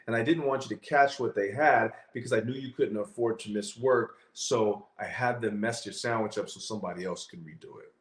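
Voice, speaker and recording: A man voicing God as a patient, fatherly figure, speaking in a calm, measured way in a roomy space. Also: fairly low pitch, lightly acted. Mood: reassuring.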